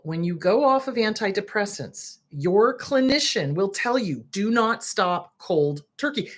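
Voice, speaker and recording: Blunt, lively-voiced woman host. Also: medium pitch, breathy edge. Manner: blunt, indignant, swears freely. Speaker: host, therapist. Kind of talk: direct-to-camera commentary.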